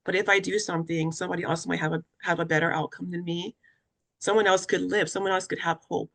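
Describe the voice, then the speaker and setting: A woman's voice: on the low side, fairly even intonation, fast talker, creaky, a bit bright. A young woman from West Africa, a cancer survivor and patient advocate, telling her story earnestly and with emotion in an interview, acting out what others said to her. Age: young adult. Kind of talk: personal story in a webinar interview.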